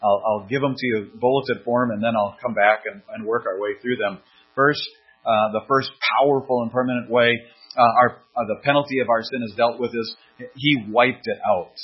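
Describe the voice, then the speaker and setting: A man preaching an expository sermon, earnest and deliberate, leaning on key words as he reads and explains scripture. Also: medium pitch, steady tone, slightly rough. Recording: dull lo-fi sermon recording.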